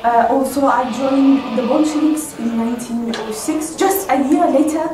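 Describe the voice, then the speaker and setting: A woman's voice: high voice, far from the mic, crowd noise, natural voice. A young woman student playing a boastful young male Russian revolutionary in a classroom role-play, with a put-on French accent. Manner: boastful, halting, laughing at herself. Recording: echoey classroom from afar with music.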